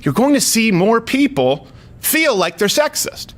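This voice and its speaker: A man hosting a comedic political talk show, sarcastic and animated, often slipping into mocking voices. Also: very high voice, unhurried. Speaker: host.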